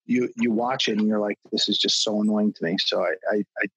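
A man's voice: fairly low pitch, steady tone, a little fast, a bit bright, slightly rough, no room sound, low-quality recording. A man talking as a podcast guest, a fitness trainer who rants bluntly and swears a lot in casual chat. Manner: blunt and profane, ranting.

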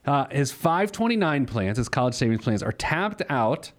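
Man, radio host, casual money talk, lively pitch, joking, lots of ums. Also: moderate pace. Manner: joking, rambling with many fillers. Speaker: host of a money advice show. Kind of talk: casual radio show banter.

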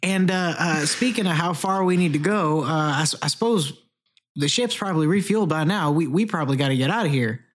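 A man's voice: on the high side, a little fast. Man playing a tabletop game, drawling banter. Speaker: player.

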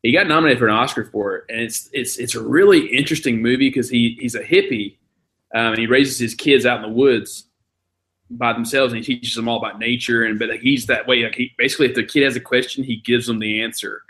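Male podcast co-host, rambling chatty storyteller, bright tone. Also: mid-range voice, fairly even intonation, fast. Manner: rambling, filler-heavy storytelling. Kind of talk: casual chat.

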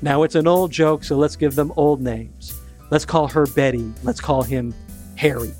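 A man with a fairly high voice telling a story to an audience, wry and conversational, leaning on key words. Faint music plays softly behind him. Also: steady tone, moderate pace. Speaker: speaker. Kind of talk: storytelling talk.

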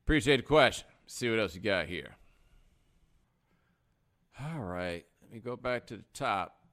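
A man's voice: fairly low pitch, measured pace. A man hosting a live stream, talking casually in slang and acting out other people's words. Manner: animated, slangy, acts out other people in quotes. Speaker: host.

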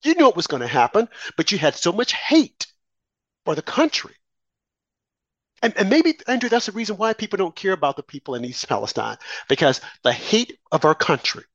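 A man's voice: fairly high pitch, no room sound. A man giving heated, sarcastic political commentary as a guest, speaking indignantly to the host. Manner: indignant, sarcastic, rising to shouts.

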